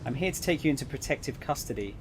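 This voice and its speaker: A man reading the lines of a cool, snide male embassy agent in a visual novel, calm and condescending. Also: medium pitch, quick pace, a little hiss or hum, natural voice.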